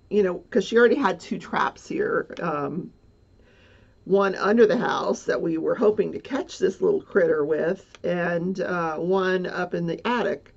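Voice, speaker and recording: A woman's voice: on the low side, measured pace, vocal fry. A woman telling a personal story in a casual, rambling way, flustered, with many fillers and nervous laughs. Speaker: livestreamer. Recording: dull lo-fi sound.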